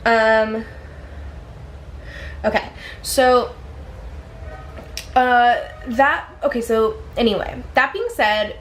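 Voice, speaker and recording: A woman's voice: on the high side, steady tone, extremely slow, long pauses, a little hiss or hum. A young woman telling a story straight to a camera on a tripod in her apartment, rambling with lots of fillers and restarts. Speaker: vlogger. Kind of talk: casual personal storytelling.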